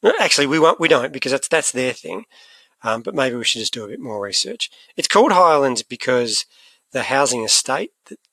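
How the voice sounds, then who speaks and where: Australian male podcast co-host, animated and chatty, bright tone, dry close mic. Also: mid-range voice, fairly quick, gravelly, dry recording. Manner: chatty, animated, laughs easily. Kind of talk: casual podcast chat.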